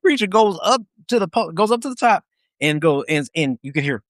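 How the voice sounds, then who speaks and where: A man's voice: sits high, expressive, brisk, no echo, clean studio sound. A man telling rowdy stories in casual live-video chat, laughing often and swearing freely. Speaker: military veteran guest.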